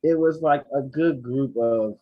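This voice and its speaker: A man co-hosting a podcast, telling an animated, profane story and acting out his own lines. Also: mid-range voice, measured pace, no echo. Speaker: podcast co-host. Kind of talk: casual storytelling chat. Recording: dry, dull lo-fi sound.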